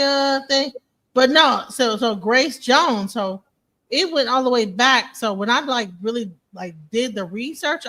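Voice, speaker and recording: Bright-voiced, profane young woman. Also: a little high. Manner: profane, rambling, joking. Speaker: host. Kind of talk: casual live-stream chat.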